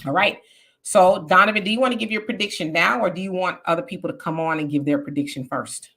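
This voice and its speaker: A woman's voice: lowish voice, quick pace, fairly bright tone. A woman from California hosting a casual livestream, chatting and greeting viewers by name. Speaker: livestream host.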